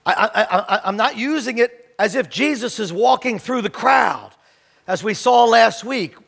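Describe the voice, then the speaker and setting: A middle-aged pastor preaching a sermon in a high voice with a gravelly edge. He tells stories with lively energy and acts out bits of everyday talk, and he prays in a reverent tone. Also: moderate pace. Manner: animated storytelling, acts out greetings; reverent prayer.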